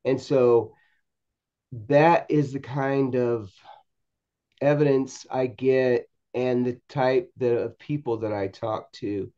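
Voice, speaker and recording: A man with a mellow, relaxed voice tells a story as a podcast guest. He talks haltingly, repeating words and restarting. The sound is a little dull and lo-fi. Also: mid-range voice, clear, resonant tone. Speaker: podcast guest, paranormal investigator. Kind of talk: storytelling anecdote in a podcast interview.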